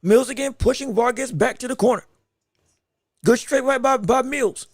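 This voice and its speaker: High-voiced man calling a fight live. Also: no echo, clean studio sound. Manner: rapid play-by-play, excited outbursts, talks to the chat. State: hiccups. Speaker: podcast host and boxing commentator. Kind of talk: live round-by-round boxing commentary.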